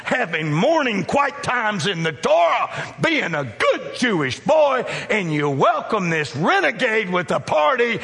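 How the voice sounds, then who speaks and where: A male preacher acting out a resentful older brother who shouts his jealous complaint in a sermon. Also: high-pitched, pitched above the performer's own voice, exaggerated voice.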